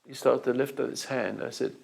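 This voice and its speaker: An older man with a gravelly, creaky voice gives a talk full of anecdotes. He often stops and starts over mid-phrase. He acts out both sides of each exchange. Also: medium pitch, fairly even intonation, a little mellow, low-quality recording. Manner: halting storyteller with restarts, acting out the dialogue. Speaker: self-help teacher.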